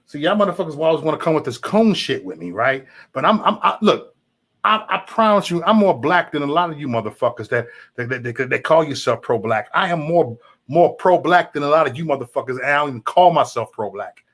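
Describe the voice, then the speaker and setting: A man's voice: on the high side, lively intonation, brisk, a bit bright. A man hosting a livestream, ranting heatedly at his chat with lots of profanity and repetition. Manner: profane, heated, repeats himself. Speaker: livestream host. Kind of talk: casual livestream rant to chat.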